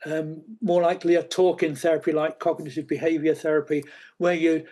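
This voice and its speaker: Halting man explaining at length. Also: fairly high pitch, little pitch movement, a little mellow. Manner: halting, many fillers and restarts. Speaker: speech expert guest. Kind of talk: explanatory interview answers.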